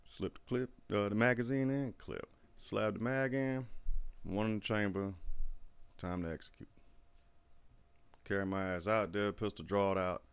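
Low gravelly man telling a story. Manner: profane, animated storyteller who acts out quotes. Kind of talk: casual storytelling chat.

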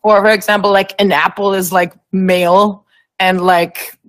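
Giggly, unhurried young woman from Germany. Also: medium pitch, flat delivery, fairly bright tone, no echo. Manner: giggly, easygoing, filler-heavy. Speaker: guest singer. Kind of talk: casual radio interview.

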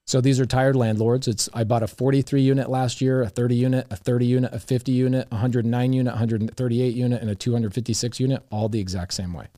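A middle-aged real estate investor, appearing as a guest, tells casual stories in an animated way and acts out the quoted dialogue. His voice is medium-pitched and fast, with hardly any pauses. The recording is clean studio sound with no echo.

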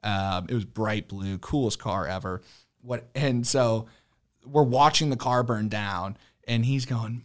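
A young man who works at a car dealership, telling a story in casual conversation, animated, laughing often and swearing freely. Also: on the low side, moderate pace.

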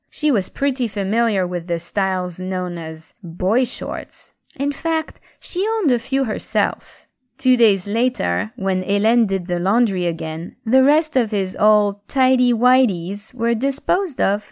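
A woman narrating a scripted story in a steady, even storytelling manner on a close mic. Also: medium pitch, dry recording. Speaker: audiobook narrator.

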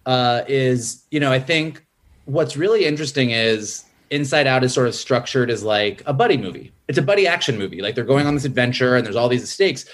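A man in casual film talk, a screenwriter who acts out character lines in a raised, lively voice. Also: brisk. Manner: animated, acts out character quotes in a higher voice. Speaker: screenwriter and podcast guest.

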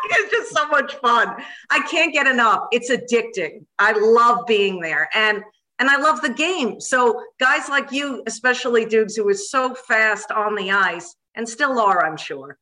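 Woman, bright sharp voice, enthusiastic, casual podcast chat. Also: a little high, animated, unhurried, low-quality recording. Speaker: podcast co-host, rinkside reporter.

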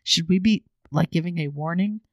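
A woman with a somewhat low voice co-hosting a podcast. She chats casually and teases her partner with dry remarks. The sound is dry and close. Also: normal speed, dry recording. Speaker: podcast co-host. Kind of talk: casual chat.

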